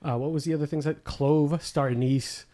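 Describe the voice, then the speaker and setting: A man's voice: fairly high pitch, fairly even intonation, moderate pace, dark tone. A man hosting a casual podcast, talking with guests and laughing often. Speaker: podcast host. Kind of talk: casual chat.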